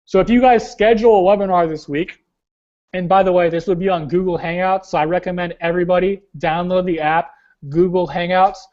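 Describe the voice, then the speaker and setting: A man's voice: high-pitched, fairly even intonation, fairly quick, darkish tone, dull audio. A young man leading a weekly team call, giving blunt, slangy motivational coaching and talking straight to his team. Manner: blunt, casual, slangy, keeps saying "guys". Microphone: webinar call.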